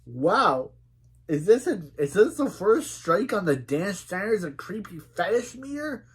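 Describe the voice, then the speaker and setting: A man recaps a kids' show episode in casual reaction commentary, his voice a touch higher than most men's. He reads the characters' lines aloud in a chatty, running way and gets indignant about what he sees. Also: slightly rough. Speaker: show reviewer.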